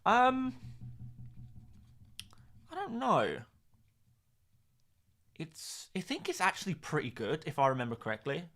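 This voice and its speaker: Young male streamer, slightly high voice, rambling sarcastic live chat. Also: wildly swooping pitch, measured pace, pauses often, a bit bright. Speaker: fantasy football streamer.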